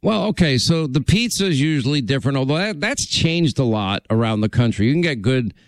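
A man's voice: medium pitch, lively intonation, fairly quick, no echo. A man hosting a call-in radio talk show, chatting with callers in a friendly, rambling way.

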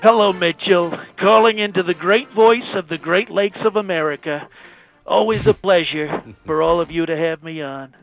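A man's voice: high-pitched, moderate pace, faint music behind. A man doing an impression of a boastful male president, calling in by phone, bragging and repeating phrases for emphasis. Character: boastful brash male president, self-praising. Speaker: phone-in guest. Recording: tinny phone line.

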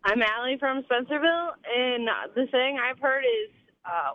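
A woman calling in to a radio show, speaking brightly. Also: high voice, normal speed. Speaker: caller. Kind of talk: phoned-in radio call. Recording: dull call-in audio.

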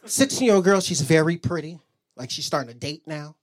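A man's voice: on the high side, animated, a little fast. A man doing a stand-up comedy set, telling casual confessional stories about being a stepdad.

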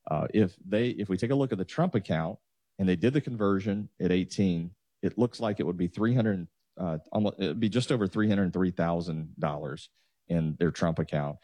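A man's voice: low-pitched, moderate pace, warm tone, dry recording. A man, a financial advisor patiently walking listeners through numbers on a talk show. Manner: explanatory, walks through numbers step by step.

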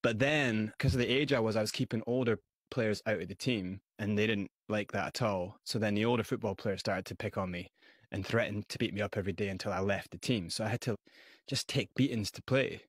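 Scottish guy recounting his past in an interview, lowish voice, lively telling. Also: brisk, breathy edge, no room sound. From Scotland and South Africa. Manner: animated, vivid recounting. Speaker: guest. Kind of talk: interview, personal story.

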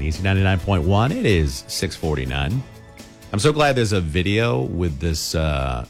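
Gravelly, lively male radio host. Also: fairly low pitch. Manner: chatty storytelling with laughs and fillers. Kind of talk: casual radio chat.

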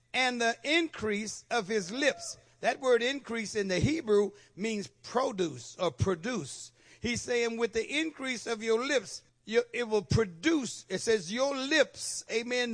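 A man's voice: high-pitched, fairly bright tone. A middle-aged male pastor preaching a sermon in church, with repeated call-and-response questions to the congregation.

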